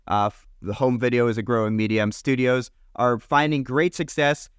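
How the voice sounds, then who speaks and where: Enthusiastic and casually profane, this young podcast co-host rattles off film history one year at a time in quick bursts. His voice is medium pitch with fairly even intonation, recorded cleanly in studio quality with no echo.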